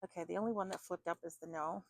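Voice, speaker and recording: A woman's voice: lowish voice, steady tone, very fast, gravelly, no room sound. A woman giving a chatty oracle card reading, thinking aloud with fillers and restarts. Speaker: tarot card reader.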